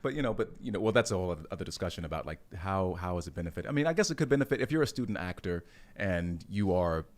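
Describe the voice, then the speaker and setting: Casting: male podcast guest, lively pitch swings, stop-start phrasing. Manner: halting, repeats words, animated. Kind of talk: casual chat.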